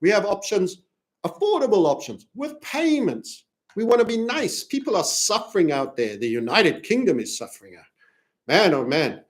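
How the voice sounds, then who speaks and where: A man from Africa with a high, very animated voice hosts a crypto chart analysis video at a moderate pace. As a trading analyst and channel host, he rambles and jokes through the charts while promoting himself.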